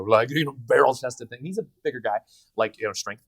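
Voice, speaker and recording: A man in his thirties, a voice actor giving a convention interview, telling stories in an animated way with many restarts. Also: medium pitch, normal speed, breathy edge, no room sound. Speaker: voice actor guest. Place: convention venue.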